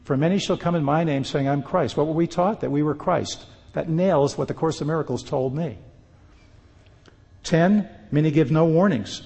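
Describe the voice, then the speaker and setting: A man's voice: on the high side, moderate pace, creaky, darkish tone. Male preacher, earnest warning sermon, scripture quotes, hall reverb.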